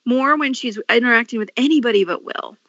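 A woman co-hosting a podcast in casual chat, talking haltingly with many fillers and restarts. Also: fairly high pitch, fairly bright tone, no room sound, muffled recording. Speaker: podcast co-host.

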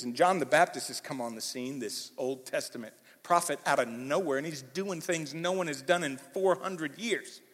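A man preaching a sermon as pastor, animated and emphatic, swinging from loud bursts to hushed lines, with a conversational manner and fillers. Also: on the high side. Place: church hall. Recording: long hall reverb.

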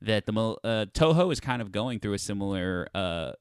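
Another podcast co-host, this man has a lowish, clean-toned voice and sounds animated at a normal speed. His casual chat rambles along with frequent ums and restarts, recorded in clean studio sound without echo.

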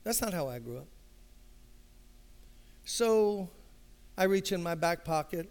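A man's voice: high-pitched, animated, slow, darkish tone, clear, resonant tone. An older man with a New York accent, a pastor telling a story in a sermon, conversational and acting out dialogue, swelling into emphatic passion. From Brooklyn, New York. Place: church sanctuary.

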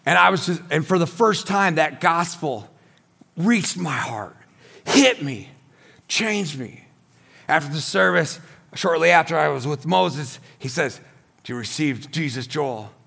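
A man in his forties, a pastor giving his testimony as a sermon on a church stage, telling his story with excitement and shouting at the high points. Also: unhurried, vocal fry, husky. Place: church stage before a congregation.

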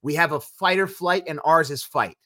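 A man's voice: a little high, normal speed, sharp tone. A man hosting a podcast, speaking in a frank, earnest way about himself. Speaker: podcast host. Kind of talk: casual podcast chat.

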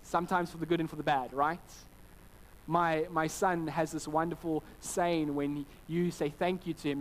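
A man in his thirties giving a conversational sermon, his voice sitting a little higher than most men's. He tells family stories with animated quoted voices and stumbles through restarts. A faint hum of background noise runs underneath. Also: poor audio. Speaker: pastor.

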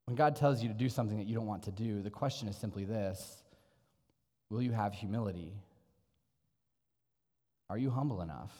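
A man's voice: lowish voice, moderate pace, pauses often, dark tone. Earnest male preacher in a reverberant hall. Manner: conversational, earnest, rhetorical questions. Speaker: pastor. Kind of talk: sermon.

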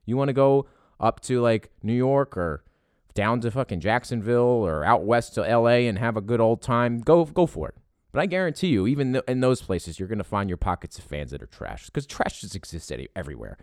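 A man's voice: mid-range voice, very animated, fairly quick, a little mellow, no echo, studio quality. A man from Philadelphia with a Philadelphia accent, delivering a profane, heated opinion rant about sports fans.

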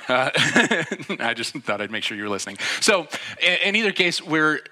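Man preaching, bright voice, chatty storytelling, acts out quotes, church audience. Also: on the high side, big pitch swings, normal speed. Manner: conversational storytelling with laughs and acted-out quotes. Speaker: pastor. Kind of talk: sermon. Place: church before a live audience.

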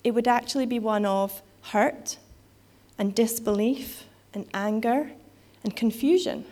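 A woman's voice: fairly high pitch, measured pace, a little mellow. A woman giving a sermon in a conversational way, with frequent fillers and restarts. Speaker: preacher.

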